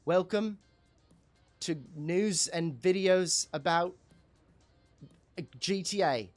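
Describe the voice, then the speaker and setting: A man's voice: high voice, drawn-out words, faint music behind, pitched above the performer's own voice. A man voicing a faceless YouTuber with a put-on Irish-Scottish accent and a bouncy, singsong lilt. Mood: hammy.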